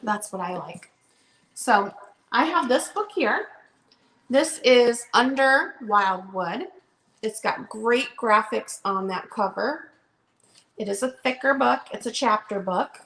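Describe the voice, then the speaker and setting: Woman, casual chatty seller, somewhat high-pitched, unhurried, echoey room. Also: lively intonation, a bit bright. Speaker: online bookseller. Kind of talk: live sale chat. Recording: roomy echo.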